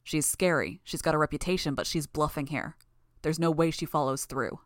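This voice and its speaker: A woman voicing a smug, unfazed man in an audiobook, calm and dismissive. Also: low-pitched, brisk, no room sound, studio quality, lightly acted.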